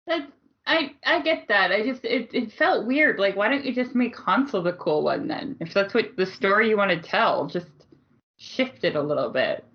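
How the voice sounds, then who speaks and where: A woman co-hosts a podcast in relaxed, chatty conversation, blunt and often laughing as she talks. Her voice sits at an ordinary pitch. The recording is a little muffled and dull. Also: moderate pace. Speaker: podcast co-host. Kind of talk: casual movie discussion.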